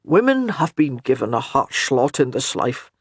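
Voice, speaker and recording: Man playing a reassuring old priest, kind, lightly teasing, lively delivery, dry sound. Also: mid-range voice, moderate pace, slightly rough, no echo. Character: kindly old Highland priest, gently humorous.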